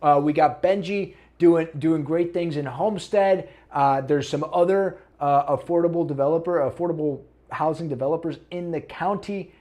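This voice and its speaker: Joking podcast co-host, fairly high voice. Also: male voice, moderate pace, hardly any pauses, warm tone. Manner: jokey and loose, with many restarts. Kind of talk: casual podcast chat.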